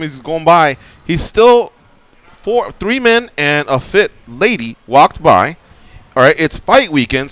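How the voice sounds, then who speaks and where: A man's voice: a little high, clean tone, dry recording. A man hosting a radio talk show, chatting casually and picking apart a guest's story. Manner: animated, chatty, breaks down stories.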